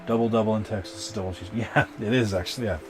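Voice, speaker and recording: Deep-voiced guy chatting on his game stream, lots of ums and uhs, faint game music behind. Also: fairly even intonation, quick pace, a little mellow. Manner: rambling, chatty, many fillers and restarts. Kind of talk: casual live-stream chat while gaming.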